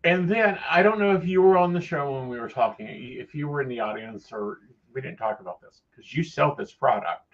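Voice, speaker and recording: A man's voice: medium pitch, a little fast, few pauses. A man hosting a casual chat, gossipy with dry, wry asides. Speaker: psychic host. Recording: dull lo-fi sound.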